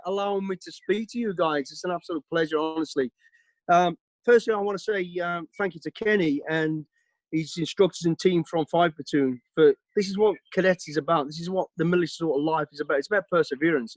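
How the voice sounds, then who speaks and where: Energetic Brummie man on a video call. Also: high voice, no echo. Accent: Birmingham. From Birmingham, England. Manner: energetic, quick, plain-spoken. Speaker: guest speaker. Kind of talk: informal talk on a video call.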